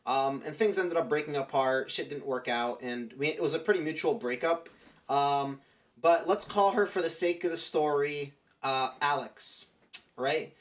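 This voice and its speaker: A man's voice: a little high, normal speed. A young man streamer telling a rambling story in casual chat, full of "like" and restarts.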